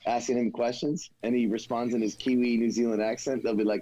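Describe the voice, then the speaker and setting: A man's voice: medium pitch, flat delivery, fairly quick, hardly any pauses, a loud crowd. A man chatting casually on an online show, rambling and swearing freely and often checking that the others agree. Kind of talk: casual chat. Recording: dull lo-fi mic with faint noise.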